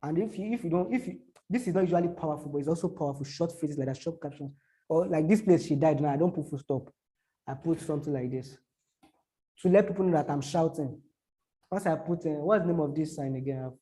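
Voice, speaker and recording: Halting man teaching. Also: a little high, mellow. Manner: repetitive, halting, gives spoken examples. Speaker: social media marketing teacher. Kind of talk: explaining to a small audience.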